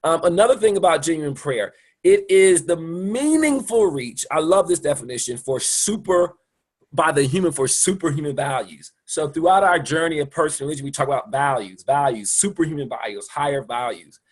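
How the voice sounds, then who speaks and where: A man's voice: a little high, animated, normal speed, breathy edge. A man giving an informal recorded spiritual lesson as a mentor, talking conversationally and often checking in with his listeners. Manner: conversational, checks in with "okay?", laughs lightly. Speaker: spiritual mentor teaching a course.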